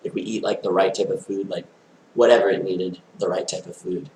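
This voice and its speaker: A man's voice: sits low, fairly even intonation, a little fast, a little mellow, echoey room, slight background noise, low-quality recording. A man talking to camera in a rambling, stream-of-consciousness monologue, full of "like" and loose tangents. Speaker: vlogger.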